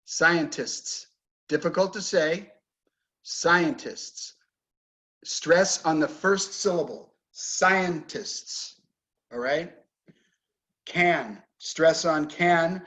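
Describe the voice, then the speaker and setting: A man's voice: on the high side, fairly bright tone, poor audio. A man teaching an English class, patiently explaining word stress and pronunciation.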